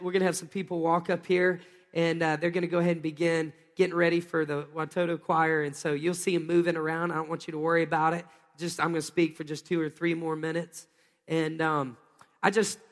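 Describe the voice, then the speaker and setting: A man, preaching a sermon in a folksy storytelling way that rises into excited bursts. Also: a little high. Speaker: pastor. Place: church sanctuary. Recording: long hall reverb.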